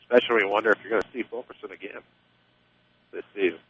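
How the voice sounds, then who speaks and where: A man calling play-by-play for a high school baseball game on local radio, easygoing and chatty. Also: rapid-fire, husky, phone-quality sound. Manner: easygoing, chatty, excited on big plays. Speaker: play-by-play announcer.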